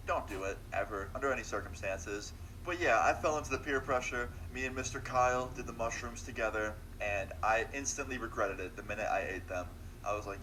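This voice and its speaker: A man's voice: medium pitch, sharp tone, a little hiss or hum, poor audio. A young man casually narrating a story in a laid-back, slangy way, acting out both sides of the dialogue.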